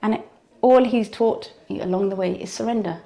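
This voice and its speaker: A woman's voice: medium pitch, moderate pace, dark tone. A woman giving an earnest personal devotional testimony, often repeating phrases for emphasis. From United Kingdom.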